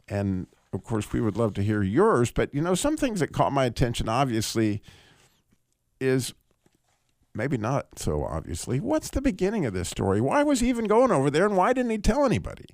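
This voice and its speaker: A man hosting a radio call-in show, teaching through a Bible passage in a casual, animated way. He laughs often and restarts his sentences. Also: mid-range voice, moderate pace, gravelly, no echo, studio quality.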